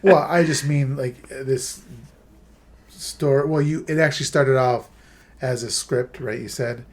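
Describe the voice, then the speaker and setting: A man's voice: medium pitch, fairly even intonation, measured pace. Easygoing male podcast host. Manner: asks questions, short agreeing replies. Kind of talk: casual podcast interview.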